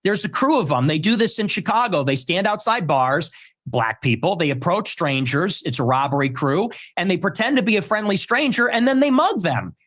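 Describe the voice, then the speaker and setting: A man's voice: sits high, expressive, moderate pace, a bit bright. Man arguing bluntly in an interview. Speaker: guest in an interview clip. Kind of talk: blunt argumentative interview talk.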